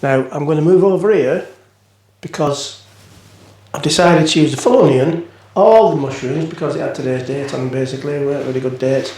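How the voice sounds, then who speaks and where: A man chats his way through a cooking vlog in his home kitchen. His voice sits a little high, and he rambles, cracks jokes and mutters to himself as he preps the food. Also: moderate pace, darkish tone, husky. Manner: rambling, jokey, talks to himself while cooking. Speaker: cooking vlogger. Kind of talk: casual cooking vlog chat.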